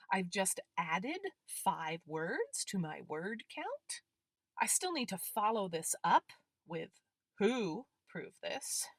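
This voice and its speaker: A woman's voice: medium pitch, dry recording. A woman grammar instructor giving a recorded lecture, working through examples step by step. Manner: deliberate, explaining with worked examples.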